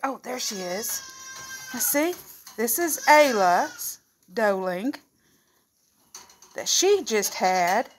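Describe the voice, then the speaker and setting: A woman's voice: a little high, very animated, slow pace, pauses often, a little hiss or hum. A woman who breeds goats, chatting casually and cooing affectionately to her animals. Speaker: goat breeder and vlogger.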